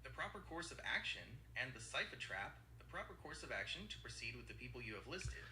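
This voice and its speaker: A text-to-speech male assistant voice with a very bright, sharp tone and a lively rise and fall. It speaks formally and apologetically. The voice carries a roomy echo with a faint hum behind it. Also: medium pitch, brisk.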